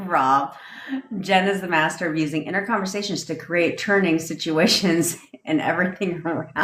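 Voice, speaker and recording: Reading comments aloud during a casual livestream, this manifestation coach rambles, swears a lot and laughs often. Her fairly low, fairly bright voice moves at an unhurried pace in an echoey room.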